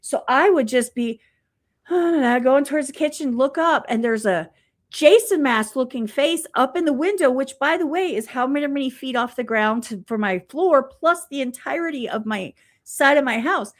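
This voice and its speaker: A woman with a fairly high voice telling animated stories in casual chat. She swears freely and talks in loose, rambling runs. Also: moderate pace.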